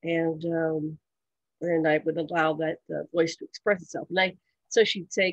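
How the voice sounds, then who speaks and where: A woman's voice: fairly low pitch, fairly even intonation, normal speed, no room sound, dull audio. A woman presenting a workshop in a casual, rambling way with many fillers and restarts.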